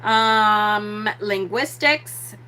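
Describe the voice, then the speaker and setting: Slow, bright-voiced woman host. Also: medium pitch. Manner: slow, drawn-out, repeats key words. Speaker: host of a witchcraft channel. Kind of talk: live-stream teaching, answering chat.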